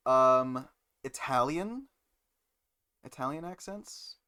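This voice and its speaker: A man streaming live, reading code aloud and musing to chat with many pauses and fillers. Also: medium pitch, expressive, pushed and bright, clean tone. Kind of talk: casual live-stream chat while coding.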